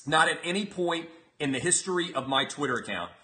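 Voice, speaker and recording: A man with a fairly high, forceful voice rants as a show host in comedic commentary. His delivery is brash, profane and mocking. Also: lively intonation, brisk.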